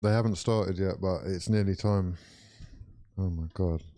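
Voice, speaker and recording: A young man with a lowish, mellow voice reacts to a football match as it plays, calling out and chatting straight to his viewers. His tone swings quickly into excitement, and he talks in loose, casual bursts. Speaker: watch-along streamer. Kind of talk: live football watch-along commentary.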